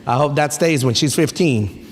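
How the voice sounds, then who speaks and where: Man, pastor, lively sermon, somewhat high voice, long church echo. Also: moderate pace. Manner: animated storytelling with playful asides. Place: church sanctuary. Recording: echoey church hall.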